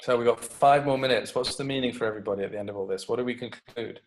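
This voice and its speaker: A man, a creativity coach, telling an animated story and swearing freely in a casual podcast interview. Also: medium pitch, rapid-fire, low-quality recording.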